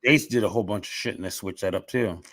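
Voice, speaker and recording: A man's voice: sits low, quick pace, fairly bright tone, no echo. A man chatting casually on a podcast, opinionated and restarting often, with a cough drop in his mouth. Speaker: podcast guest. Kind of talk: casual chat.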